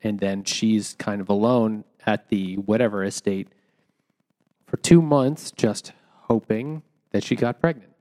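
A man co-hosting a casual book discussion podcast, retelling the plot and acting out lines in quick quoted voices. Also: fairly low pitch, a little mellow. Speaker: podcast co-host. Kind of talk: casual book-club chat.

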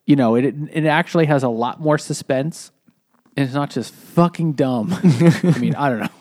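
A man's voice: medium pitch, moderate pace, a little mellow. A man co-hosting a casual chat, giving a review in a hesitant, rambling way with lots of restarts. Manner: hesitant, rambling, self-correcting. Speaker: podcast co-host.

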